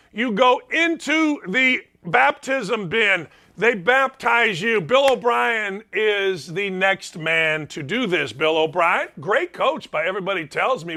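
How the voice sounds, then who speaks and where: A man's voice: high voice, bright, forceful tone. An older man hosting a sports talk show from his basement, ranting sarcastically about coaches and athletes. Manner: emphatic, ranting, fired-up. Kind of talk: opinionated sports commentary. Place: home basement studio.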